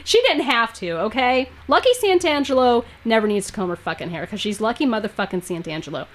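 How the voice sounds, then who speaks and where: A woman's voice: on the high side, lively intonation, fast talker. A woman co-hosting a podcast in casual chat, blunt and profane, mocking as she talks. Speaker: podcast co-host.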